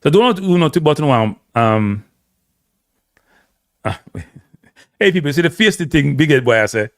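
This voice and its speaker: A Jamaican man talks on a live stream, blunt and opinionated, his pitch jumping up and down as he gets worked up. He swings between thick patois and standard English. The sound is close and dry, with hardly any room around it. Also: big pitch swings, measured pace, no room sound. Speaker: host. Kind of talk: casual live-stream commentary.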